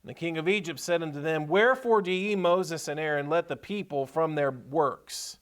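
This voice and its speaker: A man with a slightly raised pitch preaching from the pulpit of a church. He leans hard on repeated phrases and reads scripture aloud between his own comments. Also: moderate pace. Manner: preaching with emphatic repetition, reading scripture aloud. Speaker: pastor. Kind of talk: sermon. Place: church sanctuary.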